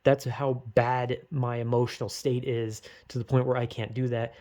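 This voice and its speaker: A man's voice: mid-range voice, flat delivery, moderate pace, mellow. A young man talks straight to the camera in a rambling, emotional monologue. He swears freely, puts himself down, and breaks into urgent bursts of encouragement. His voice sits in an everyday middle register. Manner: rambling, swears a lot, self-critical; urgent, pep-talk bursts.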